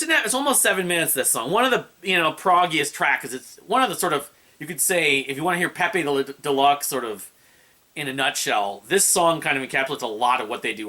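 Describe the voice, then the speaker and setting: A man's voice: mid-range voice, bright, forceful tone. A man casually reviewing an album, rambling and hesitant with many fillers and restarts. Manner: hums and scats melodies.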